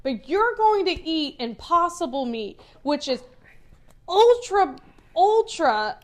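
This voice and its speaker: A woman's voice: very high voice, sing-song, slow. A woman co-hosting a casual podcast chat, ranting in a fired-up way and swearing a lot. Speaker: podcast co-host.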